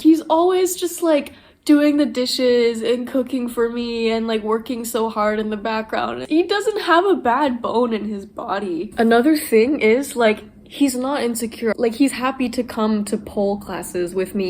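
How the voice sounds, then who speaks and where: A young woman vlogging straight to camera, her voice sitting a little high. She talks candidly and with open emotion, dropping swear words freely as she goes. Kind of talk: casual vlog talk to camera. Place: sitting on the floor at home.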